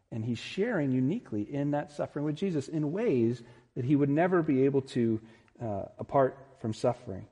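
A male pastor preaches an earnest, emphatic sermon that rises to powerful peaks, speaking expressively at a normal speed. His mid-pitched voice is mellow and a little husky, and a large hall's long reverb trails every phrase.

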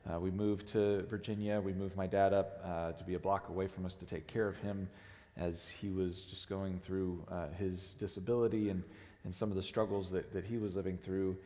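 A hoarse man in his forties, the lead pastor, preaching a sermon in a halting, earnest way with many restarts. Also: sits low, little pitch movement, warm tone. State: hoarse, strained voice. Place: church sanctuary. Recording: long hall reverb.

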